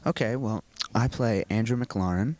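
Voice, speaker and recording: A teenage boy with a fairly low voice answers questions for a school video. He talks earnestly and rambles through long explanations. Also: moderate pace, darkish tone, no room sound. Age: teens. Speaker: student actor being interviewed.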